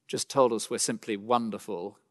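A man preaching a sermon, swinging between loud emphatic lines and quiet slowed phrases, with dry asides. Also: on the low side, steady tone. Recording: long hall reverb.

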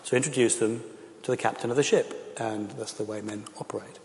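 Earnest pastor in an echoey hall. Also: male voice, fairly low pitch, fairly even intonation, a little fast, gravelly, a little mellow. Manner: earnest, passionate, with frequent fillers. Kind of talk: talk and Q&A to a church audience.

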